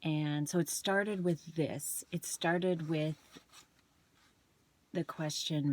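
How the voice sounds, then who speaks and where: A woman's voice: sits low, fairly even intonation, extremely slow, long pauses. A woman, a parent and wellness coach, chatting casually and telling a story, with some restarts and ums. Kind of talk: casual chat to camera.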